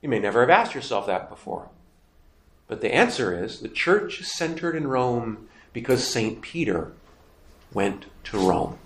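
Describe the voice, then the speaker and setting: A man's voice: mid-range voice, big pitch swings, a little slow, fairly bright tone, reverberant. A man teaching a Bible class, emphatic and conversational, asking questions and then answering them himself. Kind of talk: catechism lecture.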